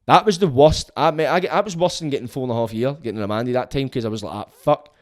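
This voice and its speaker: A man's voice: medium pitch, quick pace. A Scottish man talking bluntly and with plenty of swearing in a casual monologue, giving frank advice as a vlogger.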